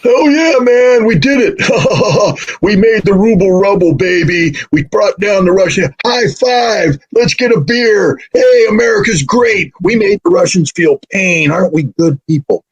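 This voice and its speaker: A brash, cheering American bro gloats in a jeering, much higher voice, as a man puts him on. His tone is husky and mocking throughout. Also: animated, a little slow, few pauses, dull audio, full character voice. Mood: gloating.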